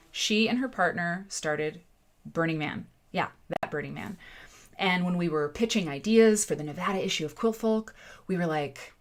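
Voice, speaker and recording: A woman hosting a quilting show, talking casually and animatedly to her viewers, often restarting sentences and acting out bits of dialogue. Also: fairly low pitch. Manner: chatty and animated, with many restarts and asides to viewers. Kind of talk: casual live-stream chat.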